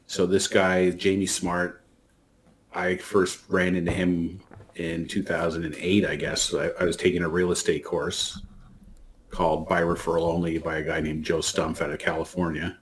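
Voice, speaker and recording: A man's voice: deep voice, flat delivery, normal speed, slight background noise. A man co-hosting a podcast, chatting casually and rambling through a story with lots of restarts. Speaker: podcast co-host. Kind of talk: casual chat.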